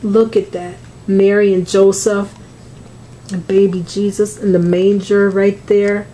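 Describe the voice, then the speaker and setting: A woman's voice: medium pitch, level tone, a little slow, dark tone, slight background noise. A woman, opening mail on a crafting vlog, gushing and emotional, close to tears. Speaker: crafting vlogger.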